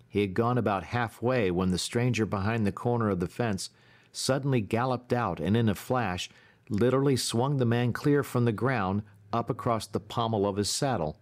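A man reading an audiobook in a measured, even storytelling manner. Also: low-pitched. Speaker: audiobook narrator. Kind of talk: scripted audiobook narration.

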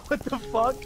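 A young man swearing in panicked disbelief while playing a multiplayer game with friends. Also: very noisy. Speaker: gamer. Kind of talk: chaotic multiplayer game chat. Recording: loud game music behind.

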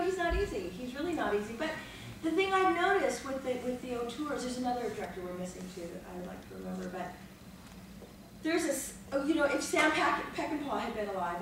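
A woman on a panel, telling animated, salty anecdotes to an audience in a large hall. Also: a little high. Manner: animated storyteller, salty language. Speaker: guest on a panel. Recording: echoey hall from far off, noisy.

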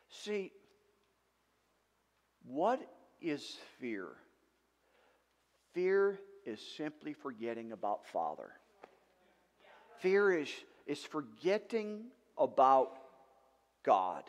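A male pastor preaching a sermon in an animated way, with rhetorical questions and emphatic outbursts. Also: fairly high pitch, big-room sound. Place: church sanctuary.

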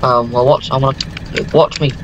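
A man co-hosting a gameplay video, excitable and joking, often stumbling over his words. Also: medium pitch, moderate pace, lo-fi sound, background noise. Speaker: gaming video co-host. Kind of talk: casual gameplay chat.

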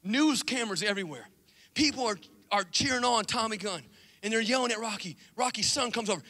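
A middle-aged man preaching a lively sermon, telling stories animatedly and acting out scenes. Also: high voice, brisk. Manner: animated storytelling, acts out movie scenes. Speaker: pastor. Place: church sanctuary. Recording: long reverb of a large church hall.

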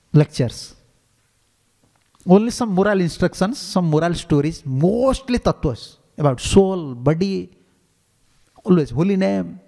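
Lively high-voiced man giving a sermon. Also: gravelly, long reverb tail. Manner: animated, in simple non-standard English. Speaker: monk giving a scripture class. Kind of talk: devotional lecture with storytelling.

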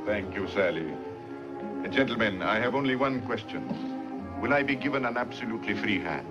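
Actor as a dignified statesman, formal and measured, lively pitch, old dull film sound with music. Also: lightly acted. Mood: calm. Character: principled European prime minister, proud and formal. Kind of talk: 1950s film acting.

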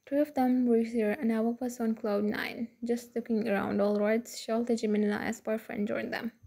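A woman narrating fan fiction aloud in a steady reading voice with frequent slips. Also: on the high side, normal speed, vocal fry, husky.

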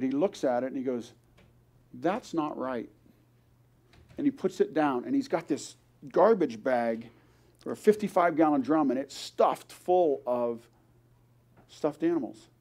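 A man's voice: on the high side, mellow. Older man telling an earnest testimony. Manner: earnest storytelling, acting out quoted voices. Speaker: guest speaker. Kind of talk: testimony story at a church service. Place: church service.

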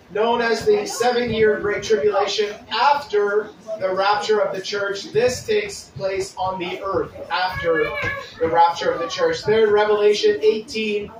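A man preaching a sermon, reading scripture aloud with deliberate pauses and restarts. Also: high-pitched, echoey room, far from the mic, a little hiss or hum, rough recording. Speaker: pastor.

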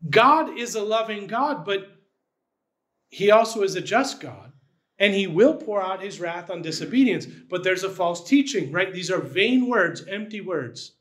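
A man's voice: high-pitched, expressive, unhurried, fairly bright tone. A man, the church's pastor, preaching a sermon in a conversational style, often checking in with "right?".

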